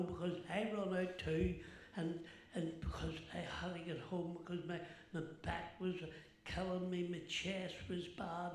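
A man's voice: high voice, lightly acted. A man playing a chatty, gossipy older Northern Irish woman, rambling through a comic monologue with asides to the audience. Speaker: comic stage performer. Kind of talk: stand-up style comic monologue in character. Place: large theatre stage. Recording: echoey theatre with audience noise.

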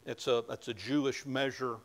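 A man preaching a conversational sermon, often dropping to a hushed tone and rising to emphatic points. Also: mid-range voice, fairly even intonation, normal speed. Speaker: pastor.

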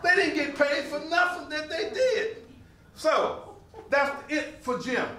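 Older man, high voice, animated storyteller to a crowd, distant mic in a roomy hall. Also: slow pace, slight background noise. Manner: animated, laughing storyteller with repeated phrases. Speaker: living history performer and potter. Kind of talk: storytelling to a live audience. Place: museum hall with an audience.

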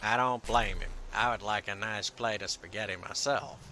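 A man's voice: on the low side, fairly even intonation, moderate pace, background noise. A man bantering over a video game, joking in a mock-dramatic way. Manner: jokey, mock-dramatic, drawls for comic effect. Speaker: gaming co-player. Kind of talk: casual gaming banter.

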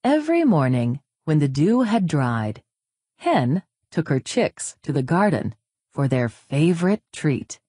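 A woman narrating a children's storybook aloud in an expressive, sing-song way. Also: low voice, husky, no echo, studio quality.

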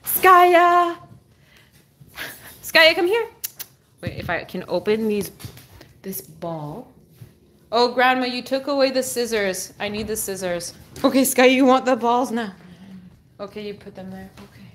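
A woman with a high voice hosts a live stream from her home. She coaxes her dog in bubbly, sing-song baby-talk and thanks her viewers. A faint hiss sits under her voice. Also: animated, unhurried, pauses often, fairly bright tone. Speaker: pet channel host. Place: home, indoors.

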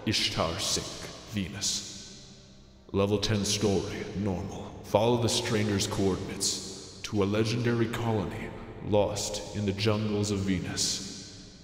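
A man putting on a deep male narrator voice to read mission text in a solemn, mock-sultry way. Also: steady tone, measured pace, echoey room, long reverb tail, soft background music, close to an everyday voice.

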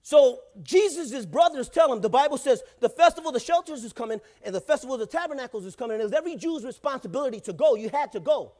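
A man's voice: very high voice, lively intonation, fast talker, few pauses, warm tone. A male pastor preaching a sermon in church, in a casual, joking way, often calling out to the congregation.

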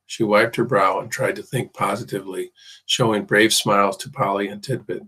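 A man reads a novel aloud in a low, husky voice. His narration stays steady and measured, with an occasional slip and restart. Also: poor audio. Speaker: audiobook reader. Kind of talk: audiobook narration.

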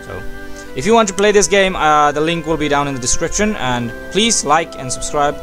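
A man's voice: fairly high pitch, moderate pace, over music. A young man hosting a gaming channel, chatting to himself as he plays, with sudden yelps and exclamations. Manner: excitable, talks to himself, frequent yelps. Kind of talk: let's play commentary.

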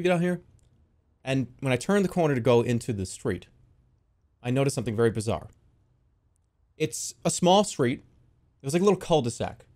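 A young man telling a wild story to his stream in a casual, animated way, swearing freely. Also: mid-range voice. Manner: animated, swears a lot, yells in the quoted bits.

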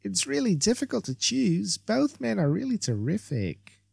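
A man's voice: high-pitched, wildly swooping pitch, normal speed, gravelly, darkish tone, husky, no echo, clean studio sound, voice pushed up, exaggerated voice. A man voicing a ditzy valley-girl woman on a dating show, gushing and filling every line with "like" and "you know". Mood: squealing.

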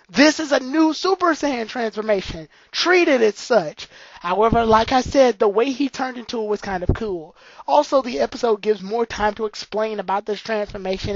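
Higher-voiced woman ranting about an anime ep, blunt, kinda swears, dull dry lo-fi mic. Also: no room sound. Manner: opinionated, blunt, occasionally profane. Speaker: anime reviewer. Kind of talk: casual spoken review.

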